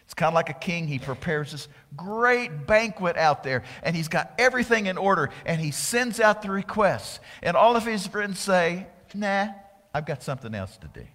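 A man preaching a sermon as pastor, animated, acting out the voices of the people in his story. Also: sits high, normal speed, hardly any pauses, big-room sound. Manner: animated preaching, acts out voices of crowds and priests.

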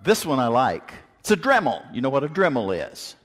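A man preaching a sermon in a folksy, joking, animated way, mixing stories with scripture. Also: mid-range voice, brisk, hardly any pauses. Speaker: pastor. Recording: long hall reverb.

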